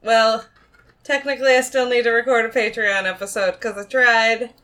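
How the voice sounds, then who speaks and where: A woman's voice: fairly high pitch, steady tone, normal speed, bright, forceful tone. A young adult woman co-hosting a podcast in casual chat, wry and joking. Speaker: podcast co-host.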